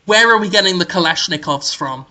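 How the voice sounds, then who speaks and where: A man hosting a casual comedic podcast, pitching absurd ideas in a mock-earnest deadpan. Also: brisk. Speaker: podcast host.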